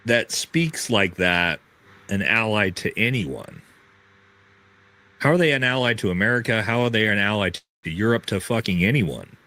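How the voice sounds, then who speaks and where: Animated, profane man ranting in commentary. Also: mid-range voice. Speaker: political commentator. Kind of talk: commentary on a clip.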